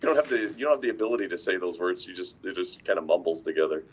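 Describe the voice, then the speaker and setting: A man's voice: low-pitched, expressive, racing, slight background noise. A man co-hosting a casual sports talk show, an easygoing coach who rambles and laughs often. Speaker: coach and podcast co-host.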